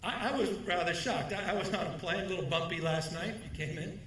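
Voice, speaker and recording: A man's voice: high-pitched, fairly bright tone, slight background noise. Man giving an emphatic speech in an echoey hall. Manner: emphatic repetition, measured rhetorical delivery. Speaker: governor giving an award speech. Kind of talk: formal speech to an audience. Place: large hall, speaking at a podium. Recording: echoey hall, mic at a distance.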